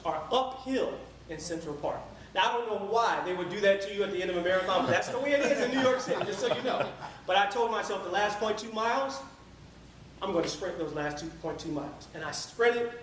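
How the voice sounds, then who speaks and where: A man telling a marathon story as a lively motivational speech at a club meeting. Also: sits high. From Tampa area. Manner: energetic storytelling, sings a few lines. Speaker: public speaker. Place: meeting room. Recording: echoey room from far off, faint noise.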